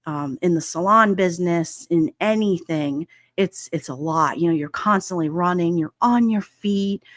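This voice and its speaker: A woman's voice: lowish voice, moderate pace, no room sound, clean studio sound. A woman from Brooklyn, hosting a casual livestream chat, reading viewer comments and laughing often between many fillers. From Brooklyn, New York. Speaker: livestream host. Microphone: headset mic with headphones.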